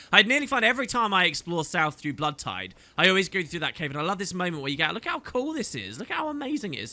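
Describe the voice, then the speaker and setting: Animated chatty male game commentator. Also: no echo. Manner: enthusiastic, chatty, swoops in pitch. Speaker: let's play host.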